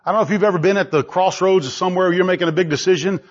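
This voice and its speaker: A man delivers a forceful sermon packed with rhetorical questions, his voice pitched high and racing very fast as it swings between loud and hushed. The lo-fi recording sounds dull.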